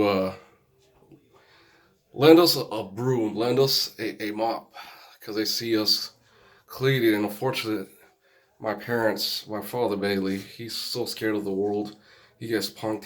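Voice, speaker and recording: A rambling man from Phoenix, talking to a camera he has set up at home. His voice sits a little low, and he drifts from one story to the next, swearing casually along the way. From Phoenix, Arizona. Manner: rambling and digressive, swears freely. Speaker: vlogger touring his house. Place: indoors at home. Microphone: own camera set up in the room.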